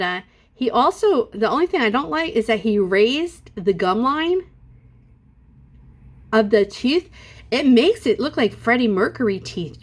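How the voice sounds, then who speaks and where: A middle-aged woman talking casually and sassily to her viewers in an unscripted home vlog, acting out what people said with exaggerated voices. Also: a little high. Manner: chatty and sassy, acts out quotes with exaggerated voices. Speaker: vlogger.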